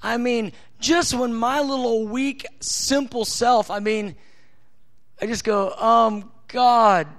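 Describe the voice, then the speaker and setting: High-voiced preacher, soft and intimate. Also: male voice, steady tone, takes it slowly. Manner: intimate, tender, acts out God's voice softly. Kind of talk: sermon.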